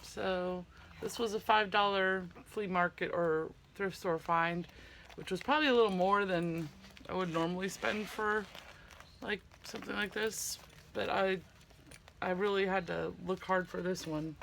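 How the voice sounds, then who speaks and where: A middle-aged woman vlogs from home with a bright, clear tone and an unhurried pace. She is chatty, with fillers and gasps, and sounds low-key from a sinus headache, over faint room ambience. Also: fairly even intonation, a little hiss or hum. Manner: chatty, many fillers, gasps and squeals of delight. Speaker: craft vlogger. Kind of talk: casual chat to camera.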